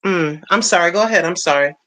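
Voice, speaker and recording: A woman's voice: fairly low pitch, fast, sharp tone, no echo, low-quality recording. A woman chatting casually on a livestream while she waters her garden, rambling and cooing to her cat. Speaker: livestream co-host.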